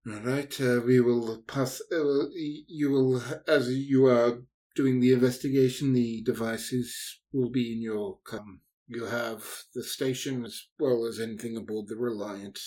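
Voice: mid-range voice, fairly even intonation, dark tone. A game master running a tabletop game, hesitant and full of fillers. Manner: slow, hesitant, many fillers.

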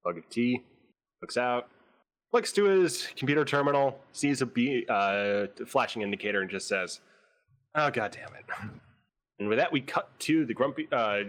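A man's voice: medium pitch, lively intonation, normal speed, fairly bright tone. A man running a tabletop role-play as game master, narrating in an easygoing, chatty way.

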